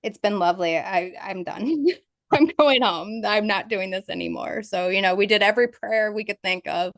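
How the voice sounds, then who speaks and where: A woman describes her ghost investigations in an interview, telling the story vividly and laughing through its tense moments. Her voice sits at a middle pitch and is recorded dry, with no room around it. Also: fairly even intonation, fairly quick, creaky, a bit bright, no echo.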